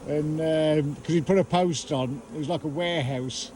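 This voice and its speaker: A man's voice: a little high, normal speed, dark tone, slight background noise. Jokey Black Country man. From Black Country, England. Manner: jokey, banters with slang. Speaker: bee removal worker. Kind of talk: casual chat while working.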